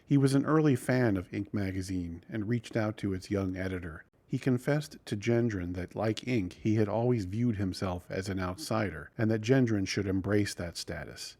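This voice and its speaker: A man narrating a podcast from a script in a measured, even way. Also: fairly low pitch.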